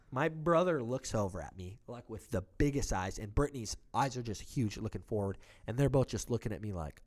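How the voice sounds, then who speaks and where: A man's voice: on the low side, animated, a little fast, few pauses. A man co-hosting a casual podcast, telling a heated story with lots of swearing and acted-out quotes. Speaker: podcast co-host.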